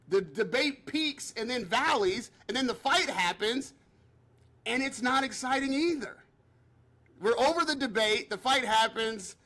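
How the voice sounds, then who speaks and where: A man co-hosting a casual boxing talk show, animated and repetitive. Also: extremely high pitch. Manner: animated, repeats himself. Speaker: co-host.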